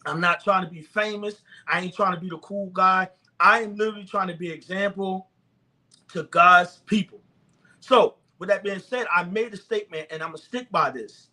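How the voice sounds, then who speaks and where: High voiced preacher guy, fervent and repetitive, bright tone. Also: moderate pace. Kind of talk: sermon-style talk to the camera.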